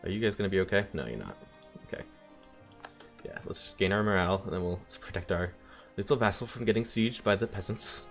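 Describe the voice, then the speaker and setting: Deep gravelly man narrating gameplay. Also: animated, quick pace, soft background music. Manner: thinking aloud, wry asides. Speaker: let's play host. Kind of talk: casual strategy-game commentary.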